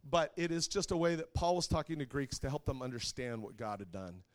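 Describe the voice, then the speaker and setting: A man's voice: mid-range voice, animated, fairly quick. A man preaching a sermon to a live congregation, conversational and joking, asking the audience questions. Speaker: pastor.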